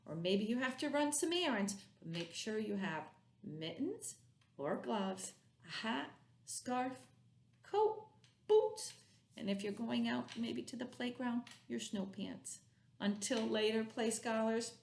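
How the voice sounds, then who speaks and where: A woman's voice: a little high, vocal fry. A woman teaching a remote preschool lesson, reading rhymes and chatting to little children. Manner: slow, singsong, animated storytelling. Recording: roomy echo, faint background noise.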